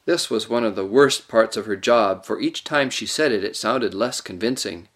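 A man narrating a children's story aloud with expressive storytelling. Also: fairly low pitch, normal speed. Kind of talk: audiobook reading of a children's story.

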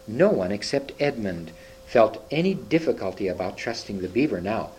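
A man reading a children's story aloud, expressive, with occasional slips and restarts. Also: on the low side, moderate pace, slight background noise, poor audio. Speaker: reader.

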